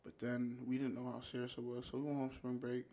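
A young man from Ghana, a podcast guest with a gravelly edge to his mid-range voice. His talk is laid-back and full of slang. He pauses and restarts often, like easy conversation with a friend. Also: mid-range voice, monotone, warm tone. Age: young adult. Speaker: guest, college athlete. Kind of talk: casual podcast chat.

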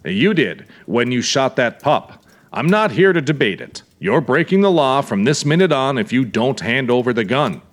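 A man's voice: mid-range voice, big pitch swings, moderate pace. A man doing a firm, blunt young cop. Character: calm, firm young male small-town police officer. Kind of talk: audiobook character voice.

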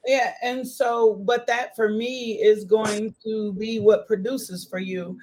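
A woman hosting a faith podcast, her voice sitting a little high. She speaks in an emphatic, preachy way and repeats key phrases for effect. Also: steady tone, slow, darkish tone, a little hiss or hum. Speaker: host and ministry leader. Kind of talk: casual faith podcast conversation.

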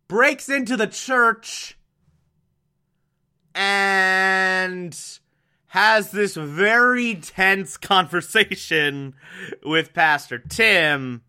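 A man's voice: high-pitched, sharp tone, smooth. A young man casually recapping a TV episode, chatty and wry, with lots of fillers. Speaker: TV show recap host.

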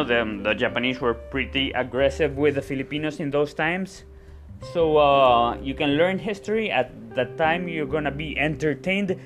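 A stage actor chats casually with his viewers in a vlog, his mid-range voice fairly bright in tone. He often repeats words and tends to close phrases with a questioning "yeah?"

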